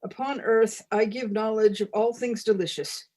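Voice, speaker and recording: A woman's voice: fairly high pitch, fairly even intonation, normal speed, dark tone, close to an everyday voice. A woman reading aloud as a grandiose chocolate goddess, in a mock-solemn, scripture-like cadence. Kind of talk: reading a humorous parody text aloud.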